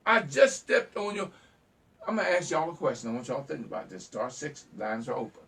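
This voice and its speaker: A man hosting a call-in show preaches with fiery passion, stammering and echoing his own phrases when worked up. His mid-range voice is expressive, fairly quick, and a bit bright, heard through a distant mic.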